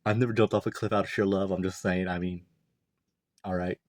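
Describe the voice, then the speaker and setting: A man's voice: sits low, steady tone, fairly quick, no echo, clean studio sound. A young man casually breaking down a manga chapter, rambling and chuckling, full of "like" and "you know". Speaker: manga reviewer.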